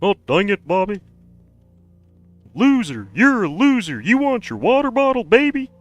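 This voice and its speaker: A man's voice: high-pitched, big pitch swings, moderate pace, no room sound, soft background music, pitched above the performer's own voice. A man doing an impression of a grumpy middle-aged cartoon dad scolding his son. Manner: scolding, strained. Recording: muffled lo-fi stream mic.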